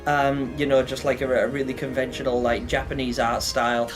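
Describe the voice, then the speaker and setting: A man's voice: medium pitch, flat delivery, fairly quick, over music. A young man chatting casually on a livestream, rambling with lots of fillers and chuckles.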